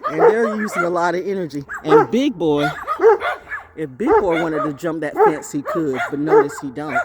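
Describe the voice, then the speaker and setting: Musing woman in her sixties, lively pitch. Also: moderate pace, heavy background noise. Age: 60s. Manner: musing, asks rhetorical questions. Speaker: vlogger. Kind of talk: rambling reflective monologue. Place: outdoors by a fenced yard with dogs.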